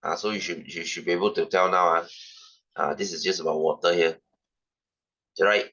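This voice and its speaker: A male science tutor with a Singaporean English accent, teaching a class. His voice is low-pitched yet bright and forceful, and he keeps repeating points and asking rhetorical questions. The sound is somewhat dull and lo-fi. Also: steady tone, normal speed. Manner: repetitive, rhetorical questions, ranting asides.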